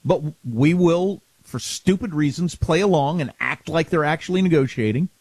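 A man's voice: on the high side, normal speed, darkish tone, no room sound. A man co-hosting a talk radio show, giving sardonic opinions on politics. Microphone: studio microphone.

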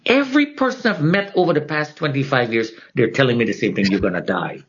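A man's voice: mid-range voice, expressive, fast, a bit bright, a little hiss or hum. A middle-aged man giving an interview, telling his personal testimony with drama and acting out the voices of the people in it. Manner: dramatic, acts out the voices of others in his story. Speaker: interview guest. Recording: muffled lo-fi recording.

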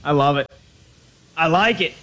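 A male sports radio host with a somewhat high voice, talking fast and animated. He banters with his crew, jokes around, and runs a trivia segment with real energy. There's faint music under him. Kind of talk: lively sports talk show banter.

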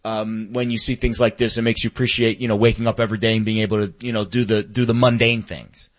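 A man's voice: fairly low pitch, level tone, quick pace. Reflective man with muffled sound. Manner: reflective, many fillers and restarts. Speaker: sports talk co-host. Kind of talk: casual sports chat. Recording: dull lo-fi sound.

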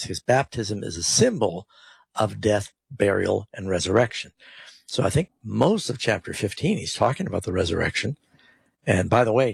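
A male radio Bible host answers a caller from the studio. He reads verses out with careful stress, and his voice is husky and gravelly, recorded dry and close. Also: lowish voice, dry recording. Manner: reads scripture aloud with stressed emphasis.

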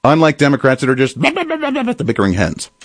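A man's voice: on the high side, huge pitch swings, moderate pace, dry recording. Sarcastic male political commentator, dry sound. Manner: emphatic, sarcastic, mocking mimicry of opponents. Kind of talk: opinionated commentary monologue.

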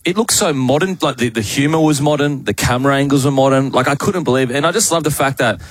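A man's voice: mid-range voice, quick pace, no room sound. Earnest man, dry close sound. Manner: earnest, hesitant starts. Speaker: radio panelist. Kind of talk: casual radio chat.

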